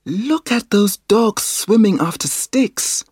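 A man reading a storybook aloud, voicing an excitable young girl in a high, emphatic voice. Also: takes it slowly, slightly rough, no echo, studio quality, exaggerated voice. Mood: excited.

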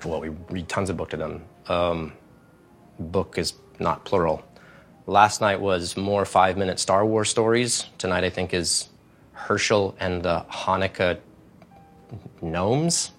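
A man answering rapid-fire interview questions, with playful, quick quips. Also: sits low, fairly even intonation, fairly bright tone, soft background music. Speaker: interview guest.

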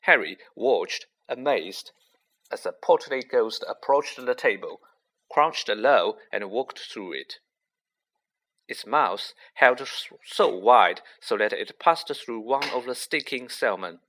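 A man's voice: mid-range voice, animated, slow, a bit bright. A man narrating a storybook, shifting his voice for the characters. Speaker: audiobook narrator.

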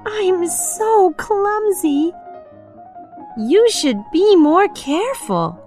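A woman voicing a clumsy, apologetic young girl in a storybook reading, with a squeaky, eager voice. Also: expressive, takes it slowly, mellow, heavily acted. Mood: flustered. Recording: faint piano music behind.

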